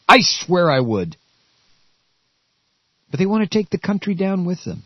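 A male radio talk host giving an angry political rant, stammering and repeating himself, with shouted outbursts. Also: high voice, big pitch swings, measured pace, breathy edge, dry recording, dull audio.

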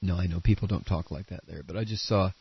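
A man's voice: low-pitched, quick pace, creaky, breathy edge, dry recording. A man hosting a political talk radio show, blunt and combative, rambling with restarts, congested and coughing at the microphone. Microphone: studio microphone. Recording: dull lo-fi radio broadcast.

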